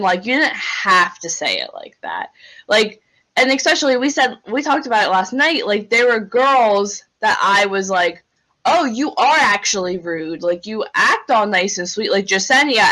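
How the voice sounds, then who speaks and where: A woman co-hosting a podcast, talking fast and with animation in casual chat, saying "like" often. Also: a little high, bright, forceful tone, low-quality recording. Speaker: podcast co-host.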